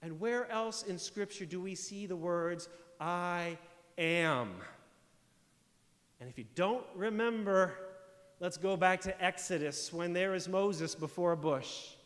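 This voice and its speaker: A high-pitched man delivers a sermon as pastor, his voice trailing off into a long church reverb. He explains scripture with emphatic, building declarations and rhetorical questions. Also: slow pace, fairly bright tone. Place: church sanctuary.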